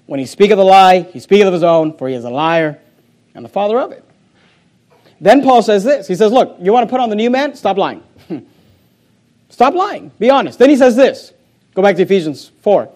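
A man with a high voice preaching a sermon to his congregation. He speaks emphatically, often repeating words as he builds each point. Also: expressive, moderate pace, long pauses, darkish tone. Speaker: pastor.

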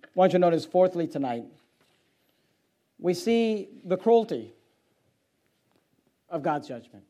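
High-voiced male preacher, loud then hushed. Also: sing-song, unhurried. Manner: swings from quiet low stretches to loud, high-pitched exhortation; reads scripture aloud in old-fashioned phrasing. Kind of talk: evening sermon.

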